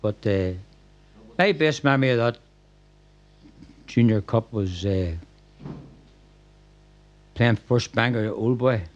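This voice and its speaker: An older man, a former football manager telling lively anecdotes at a club night and acting out what people said. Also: mid-range voice, slow, long pauses, lo-fi sound. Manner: animated storyteller, acts out quoted lines. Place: packed function room.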